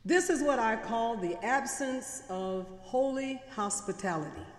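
A woman preaching a sermon as guest preacher, in measured, deliberate phrasing with pauses for emphasis. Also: fairly high pitch, lively intonation. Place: large church. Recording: echoey church with long reverb.

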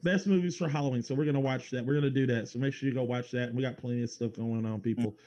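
A man's voice: medium pitch, fairly even intonation, fast talker, warm tone, highs cut off. A man co-hosting a podcast, rambling through show plugs in loose casual chat, laughing and swearing now and then. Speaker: podcast co-host doing plugs.

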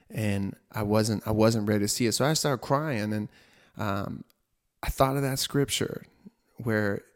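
A young man casually telling a personal faith story, chatty and self-mocking, filling his talk with "like" and "right?". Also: medium pitch. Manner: chatty, with frequent "like" and "right?", laughing at himself. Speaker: storyteller sharing a faith testimony.

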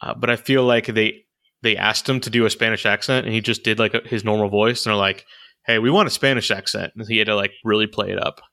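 A man casually rambles through movie opinions, his voice sitting a little low yet bright and forceful in tone. He leans on fillers and restarts as he thinks aloud, in easy conversation with a co-host. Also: little pitch movement, quick pace, creaky. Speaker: podcast co-host reviewing movies. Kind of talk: casual chat.

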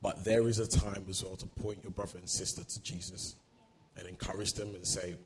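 A man's voice: low voice, little pitch movement, brisk, a little hiss or hum, poor audio. A man preaching a sermon, earnest, often repeating words as he works through a thought.

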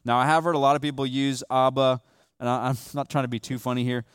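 A young man preaches with a smooth, resonant voice, dry and close to the mic. He talks to the congregation casually, checking in often, and swings from quiet, low stress to loud, urgent emphasis. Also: level tone, quick pace, no echo. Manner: conversational, often tags lines with "okay?" and "right?"; shifts between hushed emphasis and raised, stressed lines. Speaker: pastor. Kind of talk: sermon.

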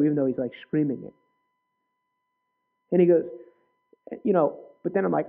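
A male preacher giving an earnest personal testimony in a sermon, with sudden loud bursts. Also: fairly high pitch, moderate pace, gravelly, pauses often. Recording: tinny phone-like sound.

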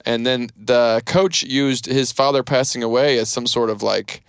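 A man's voice: mid-range voice, moderate pace, smooth, no room sound, clean studio sound. A man in his thirties hosting a podcast, recapping a movie in a rambling, casual chat full of fillers and restarts. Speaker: podcast host.

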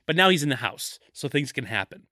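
A man's voice: mid-range voice, very animated, brisk, bright, forceful tone, dry recording. A man co-hosting a podcast, casually retelling a movie's plot with dry comic asides. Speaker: podcast co-host. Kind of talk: casual comedic movie recap.

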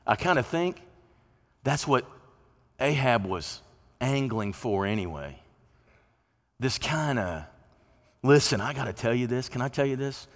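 A man's voice: mid-range voice, lively intonation, measured pace, long pauses. A man preaching a sermon from a church pulpit in a folksy, conversational way, sometimes acting out the voices of people he quotes. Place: church sanctuary. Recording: long reverb of a church hall.

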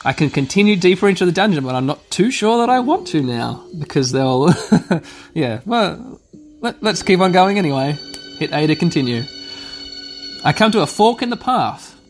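A man's voice: high voice, big pitch swings, normal speed, faint music behind. A man playing a text adventure aloud, reading it out and adding casual, wry asides. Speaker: game player and host.

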